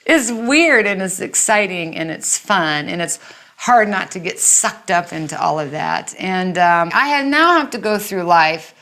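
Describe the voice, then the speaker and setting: A woman in an interview, telling memories with animated laughter. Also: on the low side, a little slow. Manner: animated, laughs while recalling. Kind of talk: reminiscing interview.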